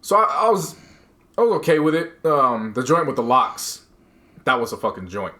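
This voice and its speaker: A man's voice: mid-range voice, very animated, normal speed, pushed and bright. Man talking music on a podcast. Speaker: podcast co-host. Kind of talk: casual chat.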